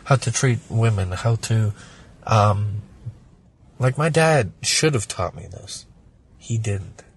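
A man's voice: on the low side, lively intonation, slow pace, husky. A man originally from Germany, talking casually as a podcast guest, rambling and swearing through a personal story.

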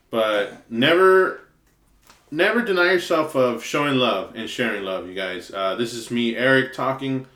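A man's voice: mid-range voice, fairly bright tone. A man co-hosting a podcast, speaking earnestly and hesitantly with many fillers. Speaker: podcast co-host. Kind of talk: casual chat. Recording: echoey room.

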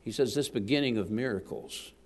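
A man's voice: mid-range voice, fairly quick, breathy edge. A man preaches as a guest minister, bantering with the congregation and asking them for amens. His voice sits in the middle range. The sound rings with the long reverb of a church hall. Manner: lively, jokes with the congregation, calls for amens. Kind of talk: sermon. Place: church sanctuary.

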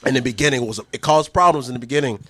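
A man's voice: medium pitch, racing, a bit bright, no room sound. A man co-hosting a podcast, telling stories in casual chat, boastful and laughing, swearing freely. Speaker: podcast co-host.

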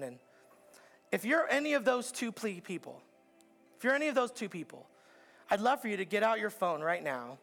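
A pastor preaching a sermon in a church, with an earnest, repetitive cadence that builds to emphatic peaks. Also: male voice, sits high, gravelly, fairly bright tone. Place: church auditorium.

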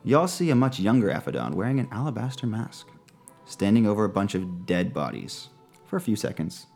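A man narrating a tabletop role-playing game as game master, slowing down to describe scenes, laughing and swearing casually. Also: lowish voice, sing-song, a little mellow, faint music behind.

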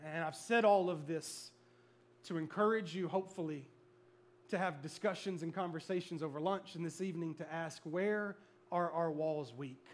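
A middle-aged man preaching a sermon to a church congregation, telling stories in an animated, comic way. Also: on the high side, moderate pace. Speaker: pastor. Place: church service before a congregation.

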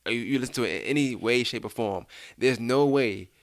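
A man's voice: mid-range voice, fairly quick, no room sound, studio quality. A man co-hosting a casual podcast, reading out text messages and chatting with a laugh now and then. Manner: reads out texts, laughs often. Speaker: podcast co-host. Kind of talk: casual chat.

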